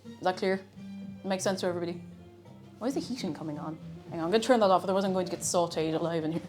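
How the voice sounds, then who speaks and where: A woman's voice: fairly low pitch, racing, music in the background. A woman streaming herself cooking at home, chatting playfully and rambling while she reads out chat messages.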